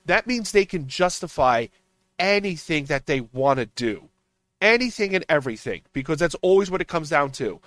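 A man's voice: on the high side, sing-song, normal speed, fairly bright tone, no echo. A man on a political podcast panel, ranting emphatically and swearing as he argues. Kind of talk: heated political roundtable talk.

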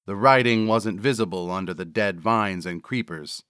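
A man reading a horror story in a measured narrating style. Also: lowish voice, fairly bright tone, no room sound, studio quality.

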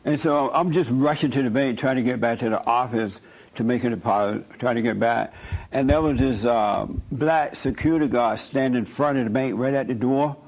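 Gravelly-voiced preachy male talk host. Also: medium pitch, moderate pace, darkish tone. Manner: emphatic, repeats points, chuckles while telling stories.

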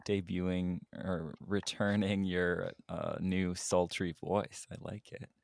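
A man co-hosting a casual podcast, laid-back and quick to laugh. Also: low-pitched, little pitch movement, creaky, darkish tone, no echo, studio quality. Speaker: podcast co-host. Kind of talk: casual chat.

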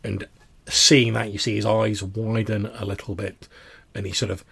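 A man's voice: lowish voice, little pitch movement, normal speed, gravelly, a bit bright, husky. A man narrating as game master in a tabletop game, with many hesitant restarts.

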